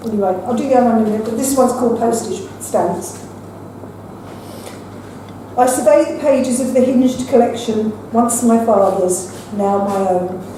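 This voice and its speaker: An older woman reading her own poems at an open mic in a measured, recited way, with brief chatty asides between them. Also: fairly high pitch, dark tone, a little hiss or hum. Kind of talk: poetry reading. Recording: echoey room from far off with faint ambience.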